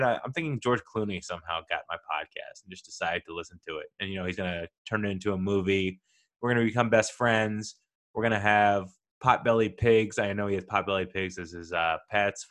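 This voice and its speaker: On his own podcast, a young male host delivers a casual solo monologue, playful and self-mocking, drifting into rambling asides. His voice is fairly low in pitch with a fairly bright tone.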